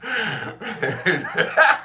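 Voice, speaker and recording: A chatty man hosts a live stream, reminiscing and laughing easily as he greets viewers. His voice sits a little high for a man. Faint background hum sits under the voice. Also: big pitch swings, extremely slow, sharp tone. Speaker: livestream host. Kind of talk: casual livestream chat with viewers.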